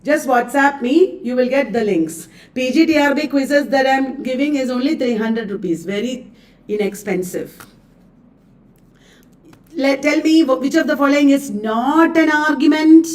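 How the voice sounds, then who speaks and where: A woman's voice: high voice, unhurried, a little mellow. A woman teacher, running an exam quiz lesson, reading out questions and options and repeating them. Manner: chatty, repeats questions and answers aloud. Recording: echoey room, distant mic.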